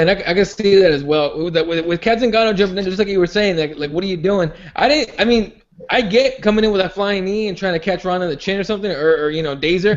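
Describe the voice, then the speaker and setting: High-voiced rambling podcast host, lo-fi. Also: male voice. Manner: rambling, many restarts and fillers. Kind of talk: casual chat. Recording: dull lo-fi sound.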